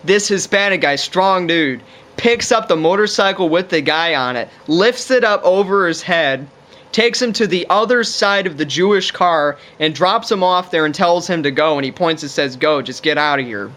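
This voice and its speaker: A man with a fairly high voice rambles through a casual, profane monologue to camera. He piles on fillers like "you know" and "like" as he talks. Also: lively intonation, normal speed, fairly bright tone. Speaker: vlogger.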